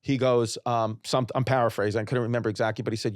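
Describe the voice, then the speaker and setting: A man's voice: medium pitch, flat delivery, fast, no echo, studio quality. A man in his late thirties, a comedian guest on a podcast, telling rambling, jokey stories in casual chat. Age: 30s.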